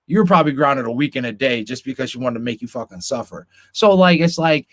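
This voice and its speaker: A man's voice: a little high, a little fast, hardly any pauses, no echo, clean studio sound. A man hosting a podcast, talking casually with heavy swearing, ranting in a heated, rambling way with frequent restarts. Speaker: podcast host.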